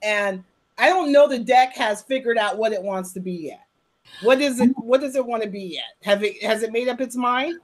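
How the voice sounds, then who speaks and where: A woman's voice: on the high side, moderate pace. A woman hosting a casual interview, prompting her friend with easy laughter. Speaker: host.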